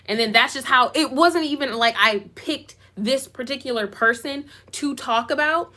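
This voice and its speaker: Bright, emphatic woman YouTuber. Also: sits high, moderate pace. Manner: emphatic, animated, repeats for emphasis; self-described goofy. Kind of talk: live commentary reading comments.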